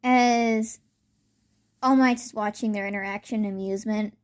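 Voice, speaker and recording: A young woman telling a made-up fan story out loud in a casual, rambling way, full of fillers. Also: mid-range voice, fairly even intonation, normal speed.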